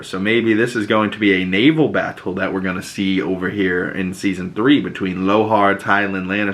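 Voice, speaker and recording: A man hosting a podcast, recapping a TV episode in loose, profane casual talk and slipping into quick acted quotes of the characters. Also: low voice, pushed and bright. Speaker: podcast host.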